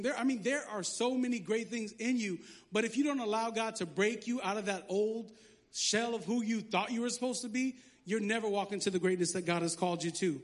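A man pastor preaching a lively sermon, joking and sarcastic between scripture readings. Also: sits high.

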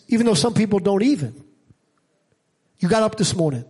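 High-voiced animated man preaching. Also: fast talker, long pauses, husky. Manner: animated preaching, climbs high and loud for emphasis. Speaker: pastor. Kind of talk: sermon. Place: church.

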